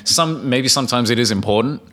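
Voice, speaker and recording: Male co-host, bright tone, quick banter. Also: mid-range voice. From Australia. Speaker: podcast co-host. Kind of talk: casual chat.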